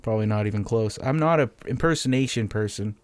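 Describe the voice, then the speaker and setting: A man hosting a casual solo podcast from home, monotonous and deadpan sarcastic, swearing freely into a microphone on a stand. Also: lowish voice, quick pace, no echo. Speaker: podcast host.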